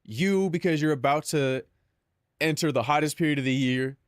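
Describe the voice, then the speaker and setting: A man's voice: a little high, normal speed, dry recording, clean studio sound. A young man chatting casually on a live stream, joking and mock-dramatic with lots of filler words.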